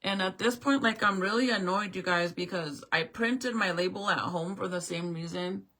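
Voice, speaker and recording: A woman's voice: medium pitch, moderate pace, pushed and bright. A woman telling a storytime in a casual vlog rant, swearing and acting out both sides of the talk. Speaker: vlogger.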